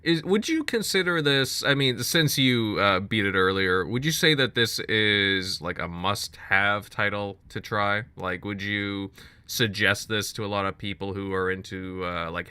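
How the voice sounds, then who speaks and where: A man's voice: on the low side, a little slow, pushed and bright, clean tone, dry recording. A man hosting a casual gaming podcast, easygoing as he leads the talk. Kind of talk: casual chat.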